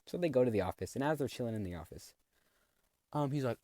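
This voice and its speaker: A man's voice: mid-range voice, expressive, fast, dark tone, no room sound. A man giving a rambling comedic recap of a cartoon plot, full of snarky asides. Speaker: video narrator.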